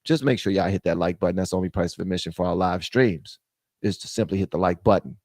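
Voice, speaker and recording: A man hosting a live stream, giving casual commentary in an animated voice that swings between loud ranting and low muttering. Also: quick pace, no echo, studio quality.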